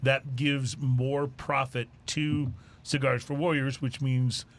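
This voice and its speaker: A man's voice: medium pitch, flat delivery. A man hosting a casual podcast, affirming his guests and steering the talk to the next segment. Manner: friendly, quick to affirm and steer. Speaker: podcast host.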